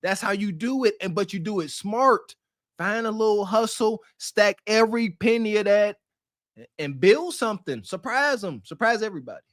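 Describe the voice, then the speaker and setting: A man's voice: high-pitched, expressive, moderate pace, fairly bright tone, no echo, studio quality. A man co-hosting a podcast, giving blunt, slangy, preachy commentary. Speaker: podcast co-host.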